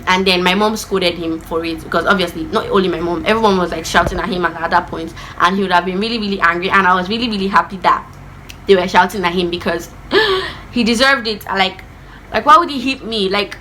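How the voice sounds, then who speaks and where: A young woman tells a childhood story straight to camera. Her voice is bright and forward, and she talks in a lively way, slipping into the voices of the people she describes. It sounds like a casual storytime vlog. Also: on the low side, quick pace, slight background noise. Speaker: vlogger.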